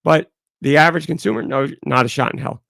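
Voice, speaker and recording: Male podcast host, gravelly and stuffed-up, rambling candid solo talk, dry close sound. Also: fairly high pitch, fast, a bit bright, no room sound. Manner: rambling, candid, talks through it. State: congested.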